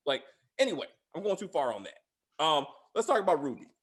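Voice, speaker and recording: A man hosting a casual show review, retelling scenes in an excitable, profane way. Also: on the high side, a little fast. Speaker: podcast host.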